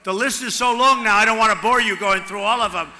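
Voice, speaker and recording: Bright, boastful man at a rally. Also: sits high, fast talker. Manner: repetitive, boastful, off-the-cuff; swings from loud shouting to hushed asides. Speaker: political candidate at a rally. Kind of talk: campaign rally speech. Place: large rally venue with crowd. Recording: echoey rally hall with long reverb.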